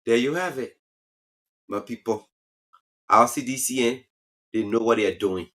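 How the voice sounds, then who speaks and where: A man's voice: mid-range voice, moderate pace. A man, hosting a casual comic talk show monologue and teasing as he goes. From Liberia. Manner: animated, teasing, laughs at own jokes. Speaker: comedy talk show host.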